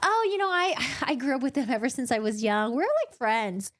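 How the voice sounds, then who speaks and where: A woman's voice: sits high, big pitch swings, normal speed, fairly bright tone. A woman voicing a flustered young human woman who makes nervous, chirpy excuses.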